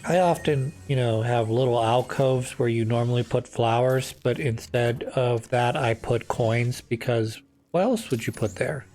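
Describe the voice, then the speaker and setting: This let's-play host speaks unhurriedly with few pauses, his medium-pitched voice carrying a darkish tone. Soft music plays behind him as he chats loosely, drifting between topics and restarting sentences often.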